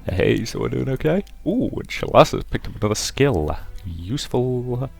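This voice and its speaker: Relaxed man commenting on a game. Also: medium pitch, normal speed, creaky, soft background music. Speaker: let's play gamer. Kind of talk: reading and voicing a visual novel game.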